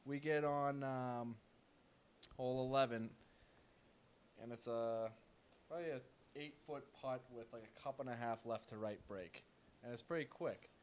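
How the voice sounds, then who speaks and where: A man's voice: mid-range voice, measured pace, long pauses, slight background noise. A young man casually telling a caddie story, laughing often and swearing freely as he acts out both sides. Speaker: golf caddie and podcast host.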